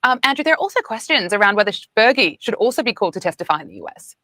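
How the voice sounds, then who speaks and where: A woman's voice: on the high side, sing-song, racing, pushed and bright, no echo. A woman presenting a news interview, putting pointed questions to her guest.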